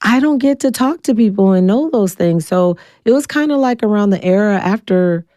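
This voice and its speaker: A woman in her forties, a guest telling her story bluntly and acting out the quoted voices with big jumps in pitch. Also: lively intonation, moderate pace, mellow, dry recording, studio quality. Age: 40s. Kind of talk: candid storytelling interview.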